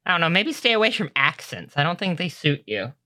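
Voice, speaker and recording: A man's voice: fairly high pitch, big pitch swings, fairly quick, bright, forceful tone, heavily acted. A man playing a blunt male crewmate who gives hesitant, dry criticism. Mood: critical.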